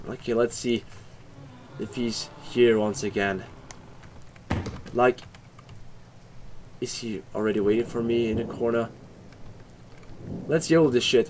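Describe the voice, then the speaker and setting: A young man hosting a horror game playthrough, talking loud, swearing and bursting into screams. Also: mid-range voice, a little slow, long pauses. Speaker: gaming channel host.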